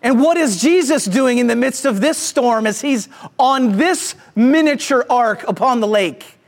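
Slow, emphatic church preacher. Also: medium pitch, expressive. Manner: emphatic preaching with rhetorical questions; swings from raised to hushed delivery. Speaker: pastor. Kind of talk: sermon. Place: church stage with slides behind.

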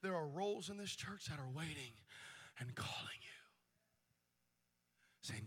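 A man preaching a pentecostal sermon as pastor, moving from quiet, intense passages to shouted, soaring preaching. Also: fairly high pitch, expressive, unhurried, pauses often, slightly rough. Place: church sanctuary. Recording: live church with organ music behind. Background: music.

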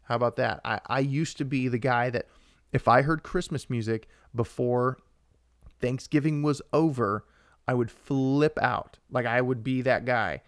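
Excitable man chatting on a podcast. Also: medium pitch, unhurried, no room sound, clean studio sound. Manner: rambling and excitable, with frequent restarts and asides to viewers. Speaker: podcast co-host. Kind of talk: casual live-stream chat.

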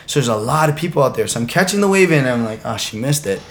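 A man telling a funny story as a podcast guest, animated and laughing as he goes. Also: medium pitch, racing. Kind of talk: casual storytelling.

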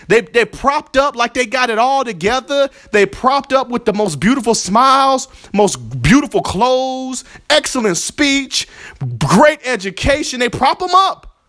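A man's voice: high voice, fairly bright tone, no echo, studio quality. A man hosting a religious podcast, talking in an emotional, preacherly way and repeating himself as he thanks his listeners. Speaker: podcast host. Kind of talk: heartfelt religious podcast talk.

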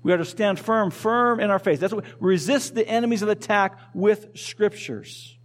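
A man's voice: high-pitched, moderate pace. A male pastor preaching a sermon in a conversational way, asking the congregation questions and repeating key phrases. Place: church.

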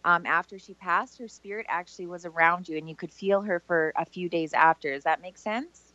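A woman co-hosting a live call-in show as a medium, speaking gently and haltingly as she passes on messages. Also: lowish voice, no echo, lo-fi sound. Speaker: psychic medium co-host.

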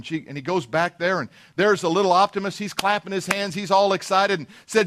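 A pastor with a notably high voice delivers a sermon in a church. He talks in a loose, folksy way, winding through homespun stories with fillers and restarts. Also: brisk, hardly any pauses, a bit bright.

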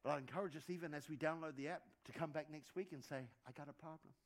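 Male pastor, fairly high voice, conversational sermon delivery with stacked repeats for emphasis. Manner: conversational preaching with quick asides and dad jokes; repeats words when building emphasis.

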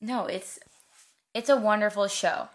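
A woman's voice: medium pitch, a little slow. A young woman in her twenties chatting casually as a co-host, gushing about things she loves in long rambling runs. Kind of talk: casual chat.

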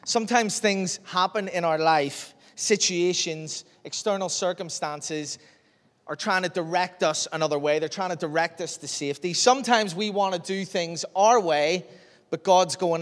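A man preaches in a church hall, telling stories with animated energy and acting out every line of dialogue. His voice sits a little high, and a long reverb trails behind it. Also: moderate pace. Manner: lively, animated storyteller who acts out dialogue. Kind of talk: storytelling sermon.

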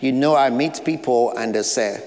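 A man's voice: mid-range voice, normal speed, a little mellow, big-room sound. A man with an African accent, preaching a sermon as pastor, earnest, with short repeated phrases and light asides. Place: church sanctuary.

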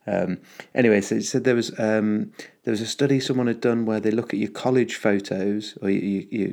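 Deep, gravelly upbeat man. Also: a little mellow. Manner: rambling, upbeat, many fillers and restarts. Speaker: podcast host. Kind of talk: casual solo podcast monologue.

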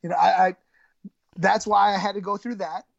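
A woman who coaches high school wrestling tells a story in an interview, halting and repeating words. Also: steady tone, vocal fry, dry recording. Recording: dull, slightly lo-fi sound.

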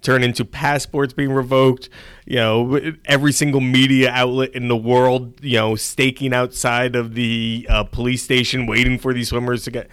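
A man's voice: mid-range voice, flat delivery, moderate pace, a bit bright, clean tone, dry recording. A man co-hosting a podcast in casual chat, loose and opinionated, with many fillers. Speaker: podcast co-host.

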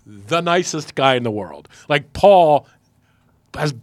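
A man's voice: takes it slowly, no echo, clean studio sound. A man, a radio host, telling a story in casual chat and acting out the quotes. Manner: animated storyteller, acts out quotes with big pitch jumps.

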